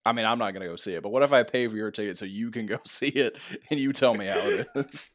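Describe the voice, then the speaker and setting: A man's voice: lowish voice, fast, a bit bright. A man co-hosting a casual movie podcast, joking and laughing often. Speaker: podcast co-host. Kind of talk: casual chat.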